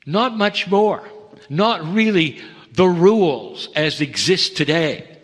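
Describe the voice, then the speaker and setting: A man delivering a channeled spiritual message in slow, heartfelt, broken phrases, rising to emphatic lines and dropping to hushed ones. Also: lively intonation. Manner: swings between raised emphatic lines and hushed low ones. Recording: long reverb of a large hall.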